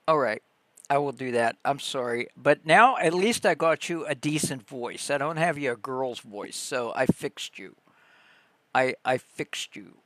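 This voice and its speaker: A man hosting a casual livestream, chatting excitably and breaking into laughter and squeals. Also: mid-range voice, measured pace, no echo. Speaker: livestream host.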